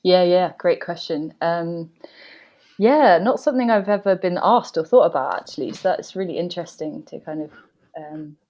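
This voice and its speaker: A woman guest on a podcast, a movement director and dancer, answering thoughtfully with frequent pauses and fillers. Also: on the low side, warm tone, dull audio. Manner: thoughtful, hesitant with frequent ums. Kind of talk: reflective podcast conversation.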